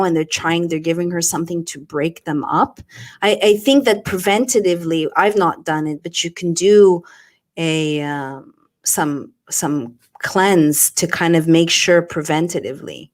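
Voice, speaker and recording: A woman's voice: fairly low pitch, unhurried. A woman hosting a casual livestream chat, reacting with short interjections and questions. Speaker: livestream host.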